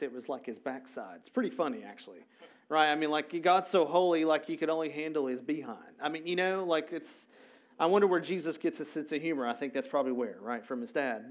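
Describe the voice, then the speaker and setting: A male pastor giving a sermon in a casual, animated storytelling way with frequent fillers. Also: fairly high pitch.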